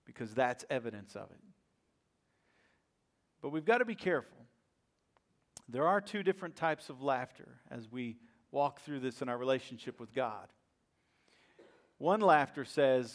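A man preaching a sermon as a pastor, telling a story in a lively way and often checking in with "right?". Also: medium pitch, moderate pace, pauses often. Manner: acts out quoted voices with bursts of laughter.

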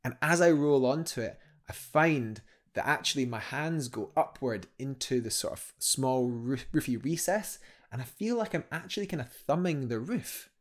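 A man's voice: mid-range voice, animated, normal speed. A man, a guest telling a climbing story in a casual podcast chat, enthusiastic and rambling with many restarts.

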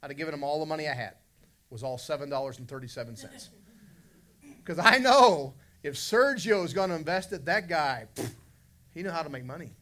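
Bright-voiced joking pastor preaching. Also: male voice, a little high, very animated, a little fast. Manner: folksy, joking preacher who acts out silly voices. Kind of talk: sermon.

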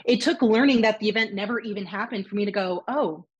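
A woman's voice: medium pitch, quick pace, breathy edge. A woman telling a personal story in casual podcast chat, candid and swearing freely, acting out what others said. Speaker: podcast guest.

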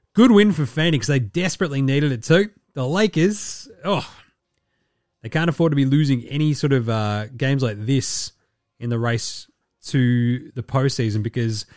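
A man's voice: medium pitch, no echo, clean studio sound. A man hosting a podcast, running through sports results in a loose, joking, sweary casual chat. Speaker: podcast host.

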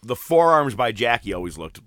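Male co-host, low but bright, swoopy delivery, dry sound, wisecracking banter. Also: moderate pace, no room sound. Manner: animated, jokey commentary with swearing. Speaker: podcast co-host. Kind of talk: casual wrestling banter.

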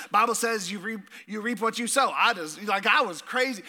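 A middle-aged man preaches with a high, sharp, bright voice. He is energetic, restarts and repeats his words, and keeps asking the congregation questions. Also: normal speed. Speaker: pastor. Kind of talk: sermon.

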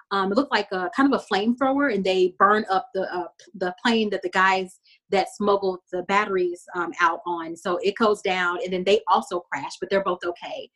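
A woman's voice: medium pitch, fairly bright tone. A woman hosting a casual podcast, recapping a TV episode in a chatty way with frequent laughs and fillers.

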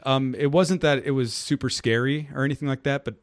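A man's voice: mid-range voice, a little fast. A young adult man on a podcast, chatting casually and telling a rambling story, acting out the people in it with a raised, goofy voice. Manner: rambling and animated, acts out quotes with a raised goofy voice.

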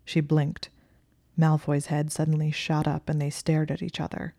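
Low-voiced woman reading a story. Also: completely flat delivery, normal speed, dark tone, dry recording, studio quality. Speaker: audiobook reader. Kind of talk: reading fan fiction aloud.

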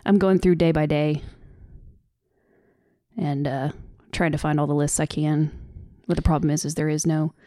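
A woman's voice: low voice, level tone, normal speed, dry recording, studio quality. A woman with a Southern American accent co-hosting a podcast, talking earnestly and off the cuff. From Southern United States. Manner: earnest, loose and off the cuff, soft laughs. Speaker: podcast co-host. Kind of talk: casual podcast discussion. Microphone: studio microphone.

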